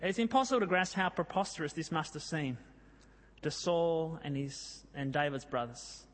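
A man preaching a sermon, telling a Bible story in a lively way and reading scripture with drama. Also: a little high, moderate pace. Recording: long hall reverb.

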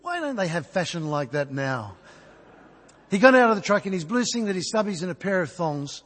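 A man's voice: sits high, sing-song, brisk, a bit bright. A man in his fifties with an Australian accent, preaching a sermon as a conversational, self-mocking storyteller in a church. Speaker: pastor. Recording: long reverb in a large church.

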